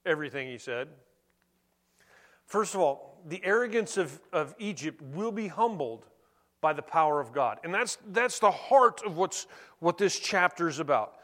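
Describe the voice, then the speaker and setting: Middle-aged male pastor, storytelling sermon delivery, voice sits a bit high. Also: normal speed. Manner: storytelling, animated and conversational.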